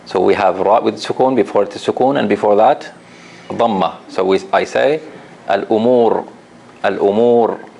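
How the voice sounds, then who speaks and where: A man teaching Quran recitation to a class, patient and repeating each example slowly while asking the students questions. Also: on the low side, vocal fry, darkish tone, slightly rough. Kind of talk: classroom lesson.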